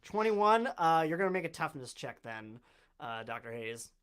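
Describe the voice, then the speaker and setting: Gm narrating a tabletop rpg, casual, lots of ums and uhs, mid pitch. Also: sing-song, a bit bright, smooth. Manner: casual, halting narration with many fillers. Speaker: game master.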